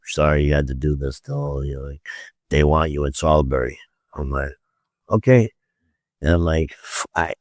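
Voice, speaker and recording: A man's voice: very deep voice, no room sound, studio quality. A man, a podcast guest, telling a rambling story in casual talk, stammering and repeating himself, acting out the quoted dialogue and swearing often.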